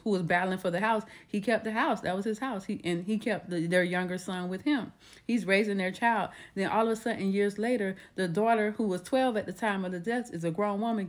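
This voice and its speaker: A woman retelling a true crime case in a casual, conversational way, restarting her sentences often. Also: mid-range voice. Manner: conversational, with frequent restarts and acted quotes.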